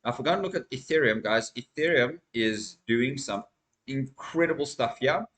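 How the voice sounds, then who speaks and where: Bright-voiced man hosting a crypto vlog. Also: mid-range voice, animated, normal speed, slight background noise, poor audio. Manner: emphatic, repeatedly addresses viewers as guys. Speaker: crypto channel host. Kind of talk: casual market commentary vlog.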